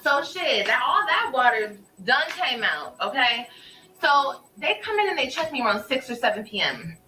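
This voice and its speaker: A young woman vlogger telling her story to viewers in a drawn-out, animated way. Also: high-pitched, echoey room, a little hiss or hum, low-quality recording.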